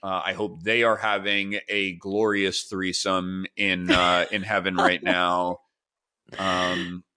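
A man in his forties hosting a podcast, telling rambling, animated stories full of fillers and restarts. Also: low voice, slow. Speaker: podcast host. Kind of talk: casual storytelling chat.

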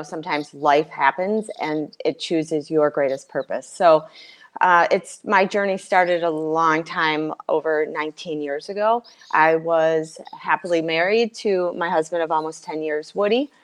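Her voice is low-pitched as this middle-aged guest recounts her own story; she's sincere yet hesitant, often restarting and leaning on fillers.

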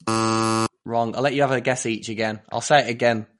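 A man hosting a casual quiz among friends in a jokey, brisk way, laughing often. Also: on the low side, steady tone, fairly bright tone, soft background music. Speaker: quiz host. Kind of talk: casual podcast chat.

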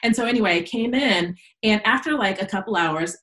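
A woman's voice: a little fast, low-quality recording. A woman in her forties, an educator, telling stories casually in an interview and acting out quoted voices. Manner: animated storyteller, acts out quoted voices in a higher pitch. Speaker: podcast guest, educator.

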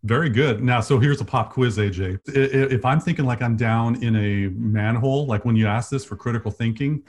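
A man's voice: mid-range voice, fairly quick, darkish tone. A man co-hosting a podcast, chatting casually with a wry, joking manner. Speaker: podcast co-host. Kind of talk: casual chat.

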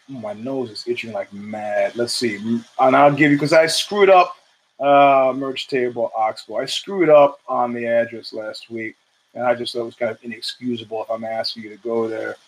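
A man hosting his own show, talking casually in a rambling monologue full of asides, restarts and swearing, acting out quotes in a raised voice. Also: rough recording. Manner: acts out quotes in a raised pitch. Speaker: podcast host.

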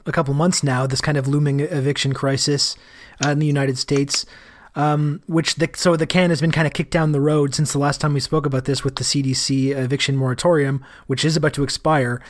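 A man's voice: a little high, fairly even intonation, fairly quick. A man hosting a podcast in casual talk, rambling with many filler words. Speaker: podcast host.

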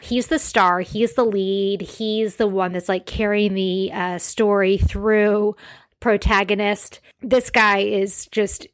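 A woman's voice: mid-range voice, fairly even intonation, takes it slowly. Chatty self-mocking woman podcast host. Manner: chatty, self-deprecating, rambling asides. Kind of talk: casual solo podcast chat.

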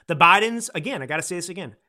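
Man, podcast host, political commentary, bright tone, higher-pitched, animated, rambling, close mic. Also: racing. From United States. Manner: animated, rambling, swings between loud and soft. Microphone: close studio microphone.

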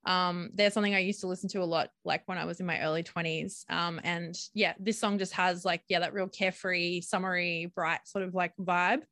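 A woman's voice: lowish voice, fairly even intonation, fairly quick, hardly any pauses, fairly bright tone, no echo, studio quality. A young adult woman with an Australian accent, co-hosting a podcast in casual chat, full of "like" and "um". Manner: chatty, lots of "like" and "um". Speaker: podcast co-host.

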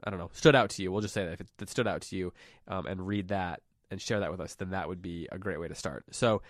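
A man with a lowish voice hosts a book podcast in a loose, chatty way. He rambles a little and corrects himself mid-sentence. The sound is dry and close. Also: quick pace, no room sound. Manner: rambling, self-correcting, friendly. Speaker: podcast host and teacher. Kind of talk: casual podcast chat.

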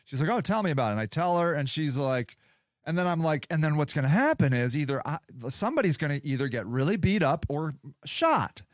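A man's voice: fairly high pitch, very animated, fairly quick, dry recording, studio quality. A man ranting in a casual, angry and sarcastic way, swearing often as he tells a story. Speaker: podcast host. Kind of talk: casual rant.

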